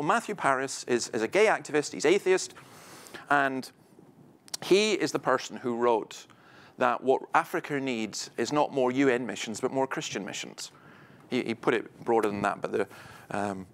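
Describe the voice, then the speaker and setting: A man's voice: mid-range voice, fairly bright tone. A middle-aged man giving a public talk, chatty and wry, telling anecdotes. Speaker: speaker. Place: event venue.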